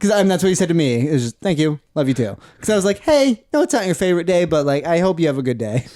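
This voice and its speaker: A man co-hosting a podcast in casual chat, chatty and playful, often mimicking others in a higher voice. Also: lively intonation, racing, dark tone, no room sound, studio quality. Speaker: podcast co-host.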